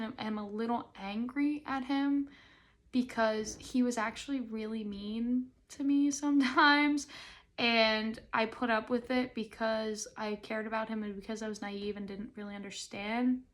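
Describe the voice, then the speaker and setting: A woman in her twenties hosting a casual solo podcast, rambling and self-deprecating, breaking into sudden loud high laughs. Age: 20s. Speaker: podcast host.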